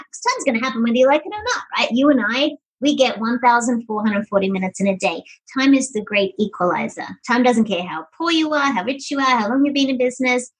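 Energetic woman, husky voice. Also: sits high, rough recording. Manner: energetic, animated storyteller. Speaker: podcast guest, speaker. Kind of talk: conversational storytelling.

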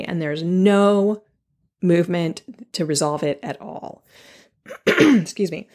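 Woman podcaster thinking out loud, slow and unhurried, voice swings up and down a lot. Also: on the low side, expressive. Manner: candid, thoughtful, often pausing and restarting; laughs at herself now and then. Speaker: podcast host. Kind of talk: reflective solo podcast talk.

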